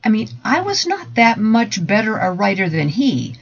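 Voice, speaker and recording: A man giving a dramatic first-person story reading in a measured, deliberate voice that drops to hushed softer passages. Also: high voice, huge pitch swings, gravelly. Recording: dull lo-fi recording.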